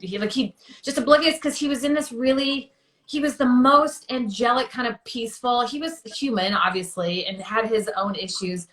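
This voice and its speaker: A woman's voice: on the high side, a little fast, a bit bright. Chatty woman guest, echoey room. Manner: chatty, many fillers, acts out quotes. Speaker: interview guest. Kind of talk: emotional personal storytelling.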